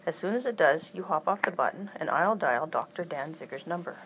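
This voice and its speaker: Woman voicing a calm instructive tiny father. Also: low-pitched, brisk, slight background noise, rough recording. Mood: instructing.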